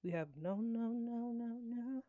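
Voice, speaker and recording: A woman guest on a casual podcast who talks in a loud, giggly way while counting down a list. Her voice sits at a middle pitch. The recording is dry. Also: unhurried, no echo, phone-quality sound. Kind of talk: casual chat.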